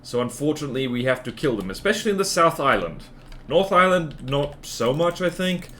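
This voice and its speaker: A man's voice: fairly high pitch, lively intonation, brisk, a bit bright, a little hiss or hum. A man streaming a game, chatting casually in a rambling, playful, self-mocking way. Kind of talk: casual livestream chatter while building in a game.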